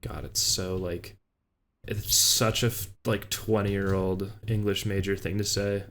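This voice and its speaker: A man's voice: deep voice, level tone, unhurried, a bit bright. A young man casually commenting on his old game projects, rambling, laughing and swearing at his own work. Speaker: indie game developer. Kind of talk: casual commentary over gameplay.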